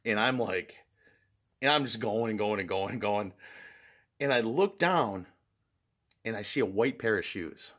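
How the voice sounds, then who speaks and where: A man's voice: lowish voice, expressive, measured pace, pauses often, fairly bright tone. A man vlogging, telling a personal story in a casual way, often laughing and using fillers like "like" and "you know".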